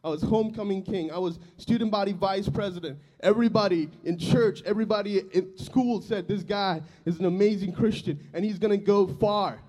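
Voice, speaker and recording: A man in his twenties preaching a sermon, telling his own testimony in an earnest, emotional way that swells loud and drops soft. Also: high-pitched. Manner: earnest and emotional, loudness rising and falling.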